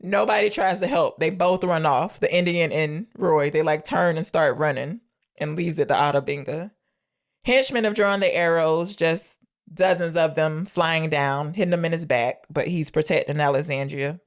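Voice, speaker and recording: A woman with a low-pitched voice co-hosts a casual film review podcast. She walks through the scenes one by one, acting out quoted lines with lively voices and laughing along the way. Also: moderate pace. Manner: retells scenes, quoting lines in animated voices, laughs often. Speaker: podcast co-host.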